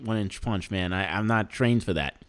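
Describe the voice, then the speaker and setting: A man's voice: on the low side, normal speed, crowd noise. A man with a Canadian accent chatting casually on a podcast, joking around and laughing often. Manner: laughs often, jokey and animated, lots of fillers. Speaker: podcast co-host.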